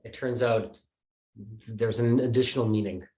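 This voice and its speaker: A man's voice: mid-range voice, fairly even intonation, normal speed, mellow. A man as a guest in a conversation, musing tentatively as he works through his thoughts. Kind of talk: conversational discussion. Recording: echoey room.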